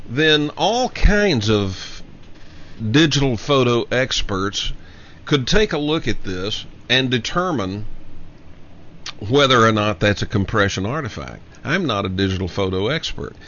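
A man delivers an emphatic solo commentary as host of his own show. He slows down to repeat his main points for weight. His voice sits at an ordinary pitch, and the recording sounds a little dull and lo-fi. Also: very animated, fairly bright tone. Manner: emphatic, repeats key lines slowly for effect. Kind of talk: monologue commentary. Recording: dull lo-fi audio.

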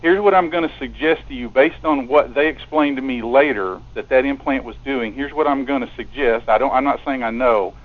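A man's voice: mid-range voice, a little fast, few pauses. Earnest male radio guest with a stammering delivery, heard over a thin phone line. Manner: earnest, stammers and repeats words. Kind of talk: casual phone conversation. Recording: narrow telephone line.

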